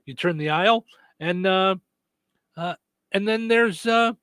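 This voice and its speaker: A man with a high, bright voice co-hosts a casual radio chat. He stumbles through fillers and restarts as he tells a story. The sound is dry and close. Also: unhurried, smooth, no echo. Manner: many fillers and restarts, laughs easily. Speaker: radio show co-host.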